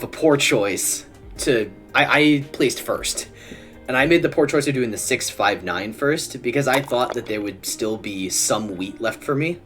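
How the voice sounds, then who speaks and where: Streaming live, a young man with a medium-pitched, slightly bright voice gives relaxed gameplay commentary, muttering to himself and chuckling often. There's faint music in the background.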